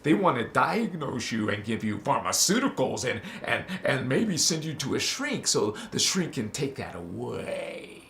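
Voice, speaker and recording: A man giving an impassioned spiritual talk, casual and slangy, swearing and flaring up into loud outbursts. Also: mid-range voice, sing-song, a little slow, gravelly, hardly any pauses, reverberant, a little hiss or hum. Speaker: spiritual teacher.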